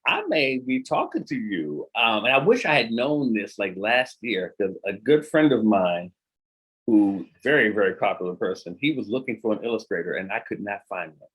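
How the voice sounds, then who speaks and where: A man's voice: on the low side, animated, moderate pace, a bit bright, breathy edge. A man hosting a podcast interview, talking with energy and repeating phrases for emphasis as he hypes his guest. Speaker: podcast host. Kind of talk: casual interview chat.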